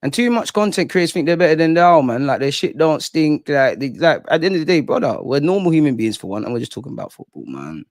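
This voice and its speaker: A young London man hosts a live fan stream, talking in a lively, slangy way as he answers his chat. His voice sits a bit high for a man, and the sound is close and dry with no room around it. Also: quick pace, hardly any pauses, no room sound. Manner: animated, slangy, reads out viewer comments. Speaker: livestream host.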